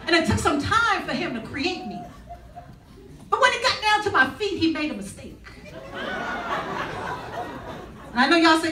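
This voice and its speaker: Sassy woman comedian with a lively voice. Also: high voice, moderate pace, pauses often. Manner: sassy, conversational, teases the audience. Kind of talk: stand-up comedy set. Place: stage before a live audience in a large hall. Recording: echoey hall with crowd noise, mic at a distance.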